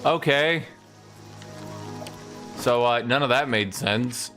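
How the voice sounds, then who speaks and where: Bright-voiced man mocking a game. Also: mid-range voice, slow pace, soft background music. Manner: incredulous, mocking asides. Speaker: gaming streamer. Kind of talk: casual gameplay commentary.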